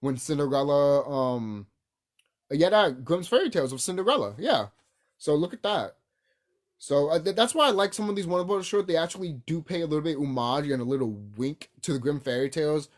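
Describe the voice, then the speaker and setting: A man with a somewhat high voice talks through a cartoon review off the cuff, rambling and cursing freely. He stumbles through fillers and restarts, then suddenly jumps up in pitch and volume when something excites him. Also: fairly quick. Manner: excitable, big swings in pitch and loudness. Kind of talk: casual unscripted review.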